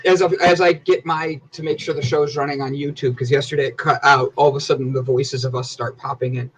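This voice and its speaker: A young man hosting a morning talk show, loud and teasing, prone to sudden high-pitched yelling. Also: fairly even intonation, brisk, a little hiss or hum, low-quality recording. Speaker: host.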